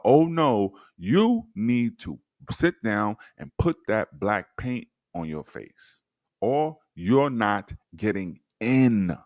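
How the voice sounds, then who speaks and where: A man with a low voice hosts a livestream and reads old documents aloud to his viewers, stopping often to comment sardonically. His delivery is slow and unhurried, but his pitch swings widely. The sound is dry and close, with no room echo. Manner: sardonic, talks straight to viewers. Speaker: livestream host. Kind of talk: livestream history commentary, reading documents to chat.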